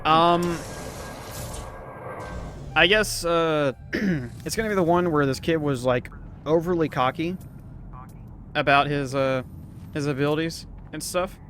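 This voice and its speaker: Young man, slightly high voice, rambling casual storytelling, swears and laughs a lot, faint noise behind. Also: slow, long pauses, a bit bright. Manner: rambling, profane, laughs often, many fillers. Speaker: storyteller host.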